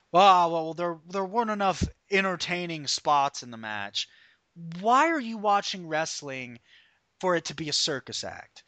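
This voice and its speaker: Profane, bright-voiced podcast host ranting. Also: male voice, medium pitch, smooth, no room sound. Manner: profane, animated, opinionated. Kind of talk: casual podcast rant about wrestling.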